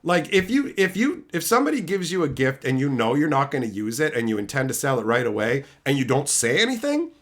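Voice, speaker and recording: A man's voice: medium pitch, big pitch swings, fairly quick, hardly any pauses, a bit bright. A man hosting a livestream, ranting bluntly and swearing constantly as he answers chat and acts out both sides of an argument. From America. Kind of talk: casual profane livestream rant.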